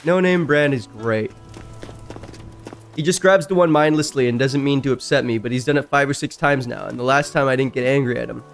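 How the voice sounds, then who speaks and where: A male streamer reading online stories aloud and reacting casually between lines, chatty, with loud outbursts that leap high in pitch. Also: quick pace, vocal fry, hardly any pauses, soft background music.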